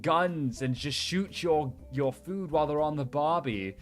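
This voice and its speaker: A man voicing an excitable, easily amazed British man in a put-on British accent, with breathless gushing exclamations. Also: a little high, unhurried, faint music behind, voice pushed up, lightly acted.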